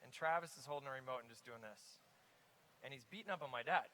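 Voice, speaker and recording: Guy on stage at a conference, bright voice, tells stories fast and animated. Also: medium pitch, poor audio. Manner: lively anecdotal storyteller. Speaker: investor guest. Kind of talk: onstage conference interview.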